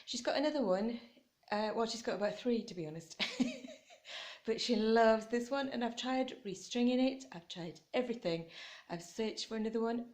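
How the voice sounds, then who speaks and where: A woman's voice: fairly high pitch, normal speed, a little mellow. A woman chatting casually in a home vlog while decorating, giggly and talking to her cat, recorded on a camera phone. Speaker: vlogger.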